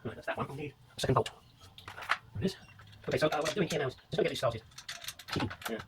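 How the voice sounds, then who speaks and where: A man's voice: on the high side, fast talker, noisy background. A man working on a motorcycle in his garage, muttering to himself and swearing as he talks viewers through the job. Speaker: motorcycle restoration vlogger. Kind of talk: casual workshop commentary. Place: home garage workshop.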